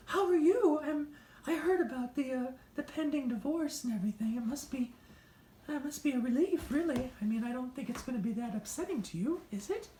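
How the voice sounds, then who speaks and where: A fussy, gossipy sister frets at a hospital bed in a high, dramatic voice, played by a woman. The hobby voice drama is recorded in an echoey room. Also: expressive, fairly quick, dark tone, a little hiss or hum.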